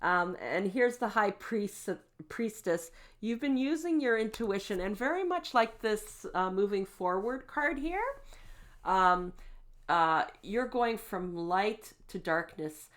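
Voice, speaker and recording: A woman giving a tarot card reading, gentle and reassuring, with frequent fillers and "okay?" check-ins. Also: mid-range voice, animated, slow pace. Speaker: tarot reader.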